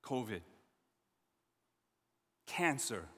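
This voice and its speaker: A man preaching a sermon as pastor, emphatic and repetitive, swinging between loud stresses and quiet asides. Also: mid-range voice, very animated, extremely slow, in a large hall.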